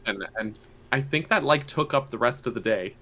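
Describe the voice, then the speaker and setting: Bright-voiced man on a gaming podcast. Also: medium pitch, brisk. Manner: chatty, laughs often between phrases. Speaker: podcast co-host. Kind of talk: casual chat.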